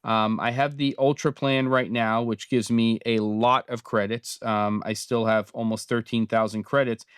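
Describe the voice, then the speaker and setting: A man in his fifties, from Britain, talks through his screen in a relaxed, meandering way, pausing on ums as he thinks. His voice is smooth and resonant at a middle pitch, recorded close and dry. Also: no echo. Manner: relaxed, thinking aloud with many fillers. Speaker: host. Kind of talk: casual screen-recorded tutorial.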